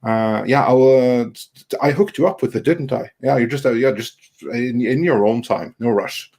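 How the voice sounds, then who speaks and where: A man in a mid-range voice hosts a casual online panel, reading viewer comments aloud. He talks in a loose, halting way, full of ums and restarts. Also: mid-range voice, gravelly, a little mellow. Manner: chatty, halting, many fillers and restarts. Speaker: livestream host reading super chats.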